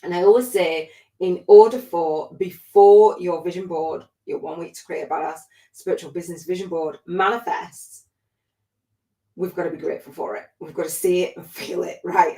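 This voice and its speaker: A lower-voiced woman coaching on a livestream, warm and gushing, laughing often and choking up with tears. She sounds like she's in a roomy space that gives her voice a noticeable echo. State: close to tears. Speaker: spiritual life coach and podcast host. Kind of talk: emotional motivational livestream talk.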